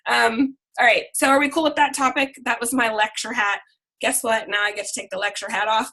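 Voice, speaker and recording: A woman's voice: a little high, fast talker, bright, forceful tone. A woman leading a team video call, talking in a frank, playful, chatty way. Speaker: team leader. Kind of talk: casual video call talk.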